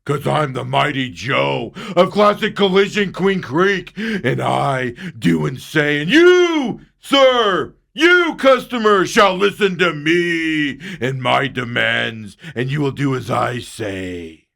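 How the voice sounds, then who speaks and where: A man's voice: on the high side, very animated, gravelly, a bit bright, voice pushed up, heavily acted. A man doing a pompous bossy shop owner. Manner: grandiose, commanding, slow and drawn out. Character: pompous male body shop owner, self-important, bossy.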